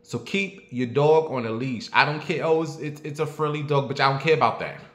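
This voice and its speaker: A man's voice: medium pitch, a little fast, fairly bright tone. A man telling a story in a casual, sassy and profane rant, imitating barking dogs as he goes. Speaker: online commentator. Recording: roomy echo.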